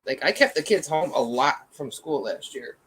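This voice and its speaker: A woman's voice: low-pitched, animated, normal speed, breathy edge, rough recording. A woman in her thirties chatting casually on a livestream, rambling, reacting to chat and swearing freely.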